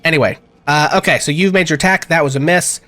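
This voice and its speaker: A man runs a tabletop game as game master, talking loosely with lots of fillers. His voice sits a bit high, and he stays relaxed throughout. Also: fast. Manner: relaxed, many fillers, chuckling.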